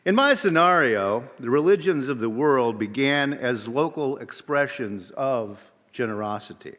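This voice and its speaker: A male minister delivers a sermon at an unhurried, steady pace, weighing each phrase and posing rhetorical questions. His voice sits at a middle pitch. A long reverb trails behind him, as in a large church sanctuary. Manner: measured, deliberate, rhetorical questions.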